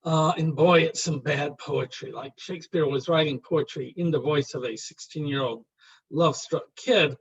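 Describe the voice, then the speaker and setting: A university lecturer talks his class through a poem, slow and wry, pausing to read lines aloud. His voice sits a little high for a man and has a husky edge. The classroom recording sounds dull and lo-fi. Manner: rambling and wry, reads verse aloud slowly.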